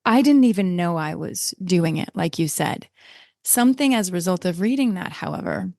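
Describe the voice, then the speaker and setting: A woman's voice: lowish voice, sing-song, normal speed, vocal fry, darkish tone, no room sound, studio quality. A woman hosting a podcast interview, reflective and chatty as she tells a story. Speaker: podcast host.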